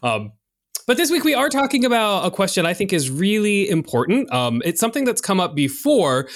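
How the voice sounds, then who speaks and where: Lively, nasal-voiced man co-hosting. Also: high voice, fairly quick, no room sound, studio quality. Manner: rambling, animated, many fillers. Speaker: podcast co-host. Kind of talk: casual chat.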